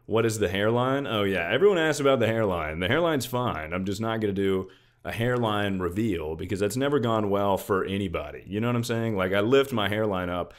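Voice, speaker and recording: A young man streaming from his room at home, loud and jokey, thanking viewers by name in casual chat. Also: fairly low pitch, fairly quick.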